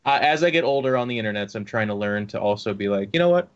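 Guy rambling through stories, animated, swears a lot, lo-fi sound. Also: on the low side, fast talker, clear, resonant tone. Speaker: tabletop game player and streamer. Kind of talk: casual chat, storytelling.

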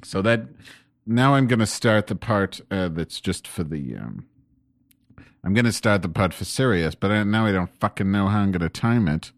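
A man's voice: on the low side, expressive, moderate pace, dry recording, studio quality. A man recording comedy bits, first answering with mock earnestness and then muttering profane asides to himself. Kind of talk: casual profane rambling aside.

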